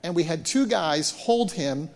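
A man preaching as a pastor, retelling events in an animated way and often repeating words as he restarts. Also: fairly high pitch, measured pace. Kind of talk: sermon storytelling. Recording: long hall reverb.

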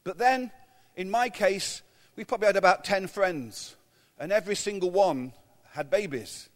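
A man's voice: high voice, normal speed. An English man in his fifties preaching a sermon as pastor, telling humorous, self-mocking stories. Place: church. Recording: long hall reverb.

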